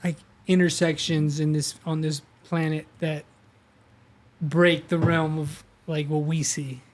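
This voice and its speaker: A man's voice: a little high, flat delivery, measured pace. A man hosting a podcast, rambling and speculating casually. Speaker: podcast host.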